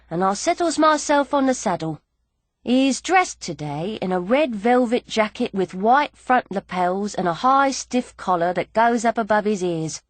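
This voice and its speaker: A woman narrating a novel in the first person with a playful, lively storytelling manner. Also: mid-range voice, dry recording. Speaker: audiobook narrator.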